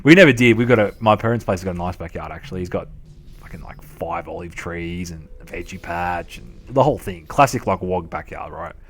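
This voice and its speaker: Speaking low and animated at a fairly quick pace, an Australian streamer in his thirties spins casual gaming stories. He laughs along and swears freely in a matey, profane way.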